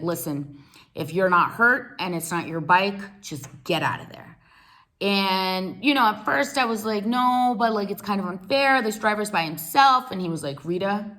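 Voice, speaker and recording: A woman in her thirties from the United States, telling a lively story to her viewers and acting out each person's lines. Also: on the low side. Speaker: vlogger. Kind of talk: animated storytime.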